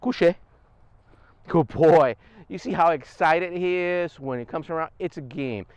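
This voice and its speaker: A man talks through training steps at an easy, explanatory pace in a casual vlog. His voice is smooth and resonant, a little higher than most men's. It sits close on a clip-on mic with a dry sound. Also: moderate pace, no echo, dull audio. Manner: relaxed step-by-step explaining. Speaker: service dog trainer. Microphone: wireless clip-on mic.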